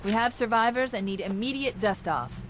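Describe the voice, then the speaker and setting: Cortana, a woman voicing a crisp ship AI. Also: fairly high pitch, moderate pace, noisy background, lightly acted. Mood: calm. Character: composed female ship AI. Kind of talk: military radio chatter.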